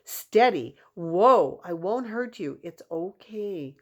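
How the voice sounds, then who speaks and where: A woman's voice: fairly low pitch, expressive, slow. A woman voicing an anxious, protective boy who talks urgently. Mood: soothing. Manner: urgent, scolding.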